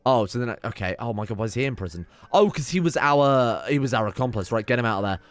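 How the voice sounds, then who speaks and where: A man's voice: medium pitch, lively intonation, fast. A young man casually commenting on his strategy game, reading event text aloud, wry and swearing now and then. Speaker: game streamer. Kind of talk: casual let's play commentary.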